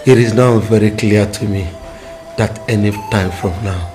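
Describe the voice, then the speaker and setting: Casting: a man playing a grave, dying Nigerian father, low voice, halting and solemn, over loud film score. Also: fairly even intonation, natural voice. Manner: slow, solemn, halting phrases. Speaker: actor in a film drama. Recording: film soundtrack with loud background music.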